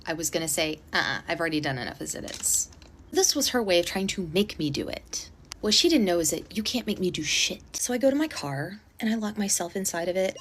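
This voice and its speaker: A woman's voice: lowish voice, a little hiss or hum. Indignant woman telling a storytime. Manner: animated, indignant retelling with acted-out quotes; speaking quietly to avoid disturbing a neighbor. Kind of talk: casual storytime. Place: home.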